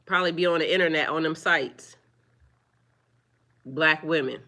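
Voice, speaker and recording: A woman talking live to her viewers, firmly scolding trolls in a preachy, drawn-out way. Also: low-pitched, pushed and bright. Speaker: livestreamer. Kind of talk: live-stream chat with viewers.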